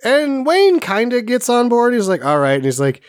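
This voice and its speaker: A man's voice: very high voice, big pitch swings, moderate pace, clear, resonant tone, no echo. Wry man joking in a dry room. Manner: wry, laughing asides, swearing. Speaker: podcast co-host. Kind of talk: casual movie recap chat.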